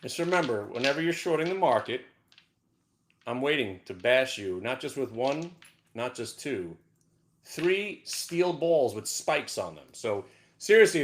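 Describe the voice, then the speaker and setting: Man, higher voice, very lively pitch, brash trading rant, shouts in bursts. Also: unhurried. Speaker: market show host.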